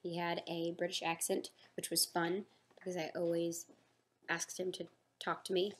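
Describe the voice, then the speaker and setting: A young woman hosts a casual live fan Q&A, reading each question aloud before answering it in a chatty, upbeat way. Her voice sits a little low for a woman. A faint hum of background noise sits under the live-stream mic. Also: level tone, normal speed. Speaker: host of a live fan chat.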